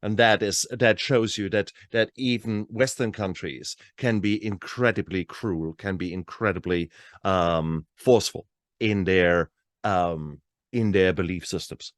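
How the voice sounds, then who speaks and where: A man hosting a talk show interview over a video call, his voice on the low side. He reasons in a measured, thoughtful way. The sound is dry and close, with no room echo. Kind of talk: conversational interview.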